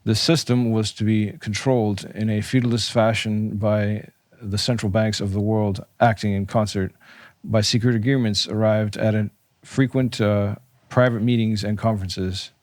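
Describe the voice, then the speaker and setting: A man with a low voice trades sarcastic asides with his co-hosts and reads passages aloud. His tone is dry and wry throughout. The sound is close, with no echo. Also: fairly even intonation, normal speed, a little mellow. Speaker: podcast co-host. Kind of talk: casual chat and reading aloud.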